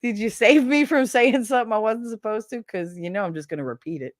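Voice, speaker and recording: On her own livestream, a woman chats in a blunt, rambling, foul-mouthed way, talking fast in a slightly high voice. Her desk mic gives a clean, dry, studio-like sound.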